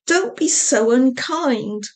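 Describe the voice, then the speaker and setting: A woman's voice: mid-range voice, sing-song, a little slow, slightly rough. Woman doing a giggly, tearful female officer.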